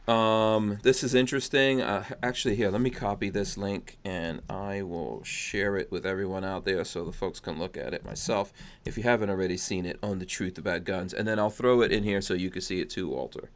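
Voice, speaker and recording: A man with a fairly low voice hosts a loose, casual podcast. He reads news items aloud and breaks in with sarcastic comments, talking easily with a guest on a call. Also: fairly quick. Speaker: podcast host.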